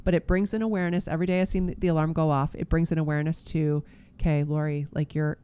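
A woman co-hosting a relaxed faith chat, her voice smooth and clear and set a little low. She talks earnestly and gushes warmly about what she loves, often trailing off mid-thought. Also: racing. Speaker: podcast co-host.

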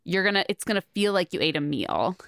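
A woman co-hosting a podcast, talking in an animated, rambling way with lots of "like". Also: fairly low pitch, a little fast, gravelly, clean tone, dry recording, studio quality. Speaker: podcast co-host. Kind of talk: casual podcast chat.

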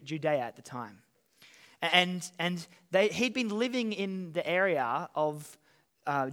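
A man's voice: high-pitched, a bit bright. A man preaching a sermon and explaining a passage in an earnest way, with sudden emphatic rises. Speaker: pastor.

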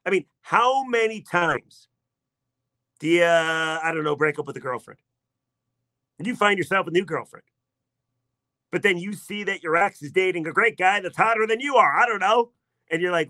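A middle-aged man hosting sports talk radio, spinning a story in a chatty, sarcastic way. His voice sits a little high and sounds sharp and bright. The recording is dry and close, with no room sound. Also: moderate pace, pauses often, no room sound.

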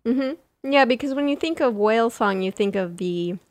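A woman co-hosting a casual educational podcast, chatty and quick to laugh as she explains. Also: on the high side, expressive, dry recording. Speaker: podcast co-host.

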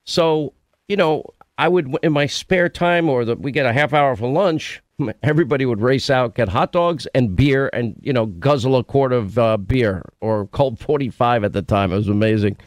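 Conversational talk-radio host, dry. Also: male voice, mid-range voice, normal speed, no echo. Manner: conversational storytelling, interrupting with questions.

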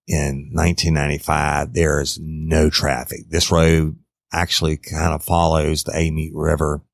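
Male true crime storyteller, very deep gravelly voice, dry close sound, folksy and conversational. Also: fairly bright tone, dry recording. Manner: conversational, drawn-out, addresses listeners as y'all. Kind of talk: casual true crime narration.

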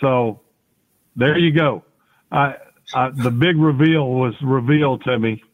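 A man's voice: mid-range voice, measured pace. A man, a former quarterback, telling rambling, folksy stories with many restarts as a podcast guest. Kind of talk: casual interview storytelling. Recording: tinny phone-like audio.

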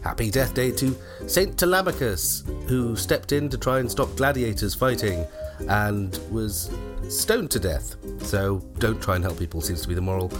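A man's voice: on the low side, normal speed, music in the background. A man co-hosting a comedy podcast, reading out dates in a dry, wry way and laughing often. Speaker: podcast co-host. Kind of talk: comic scripted chat.

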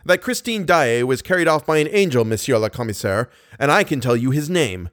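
A man's voice: medium pitch, expressive, brisk, a bit bright, no room sound, clean studio sound, lightly acted. A man reading an audiobook, voicing an earnest, agitated young nobleman who speaks insistently.

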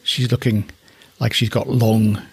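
Husky-voiced man from northeast England. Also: fairly low pitch, flat delivery, a little slow, no room sound. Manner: chatty and affectionate, thinking aloud. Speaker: alpaca keeper. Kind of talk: casual spoken commentary.

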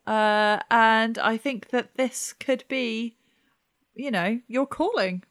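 A woman playing a tabletop game in character, talking in a playful, teasing, drawn-out way. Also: fairly high pitch, a bit bright. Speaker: player. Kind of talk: tabletop role-play, in character.

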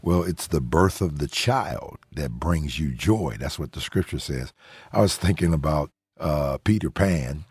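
A man's voice: very deep voice, animated, measured pace, darkish tone, husky, no echo, studio quality. An older man, a pastor, chatting casually on a radio show and telling stories with chuckles and repeated lines for emphasis.

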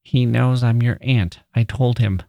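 A man doing a poor, husky old aunt. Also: medium pitch, steady tone, no room sound, dull audio. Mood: anxious. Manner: husky, hurried. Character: poor, weary old woman, anxious aunt.

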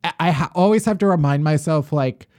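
A woman's voice: low-pitched, brisk, dark tone. A woman co-hosting a podcast, telling stories in a wry, profane, casual way. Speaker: podcast co-host. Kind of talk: casual chat.

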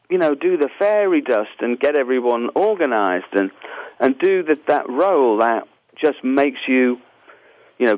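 A man's voice: mid-range voice, a little mellow, dry recording. Rambling English man, dull lo-fi sound. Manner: halting, many restarts and fillers. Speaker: musician guest. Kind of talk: rambling interview answers.

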